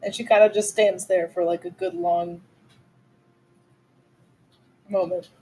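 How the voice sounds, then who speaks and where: A woman playing a tabletop game, softly and hesitantly describing her character's actions with many restarts. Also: on the low side, fairly even intonation, measured pace, breathy edge, low-quality recording. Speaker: player.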